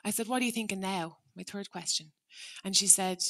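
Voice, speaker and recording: A woman in middle age speaks from a stage in a bright, forward voice at an ordinary pitch. She tells her story earnestly and reflectively, acting out both sides of a conversation. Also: brisk. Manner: earnest, reflective, acts out dialogue. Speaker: teacher turned restorative practice trainer. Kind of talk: prepared public talk with storytelling.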